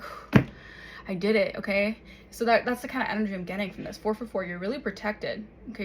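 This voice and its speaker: A woman talks her way through a tarot reading in a loose, chatty voice and keeps tagging her lines with little check-ins. Her pitch sits in a middle range. A faint hiss of noise runs under the recording. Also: poor audio. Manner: chatty, tags lines with "okay?" and "all right?". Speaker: tarot reader. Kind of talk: casual spoken tarot reading.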